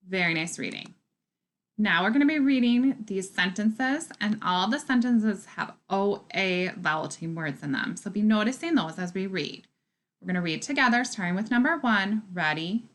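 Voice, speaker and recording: A woman teacher leads a recorded phonics lesson, her pitch rising and falling in a lively, animated way. She speaks slowly and clearly and sounds encouraging.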